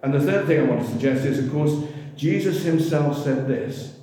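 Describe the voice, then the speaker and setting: An older man preaching a sermon, slow and emphatic, calling out to the congregation for responses. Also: fairly high pitch, expressive, dark tone, recorded from a distance. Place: large echoey church hall. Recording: echoey hall, faint room noise.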